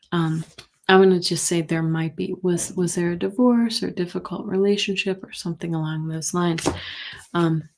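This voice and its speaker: A middle-aged woman hosting a live tarot reading stream, talking gently and sympathetically with many pauses and fillers. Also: lowish voice, vocal fry. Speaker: intuitive reader, host.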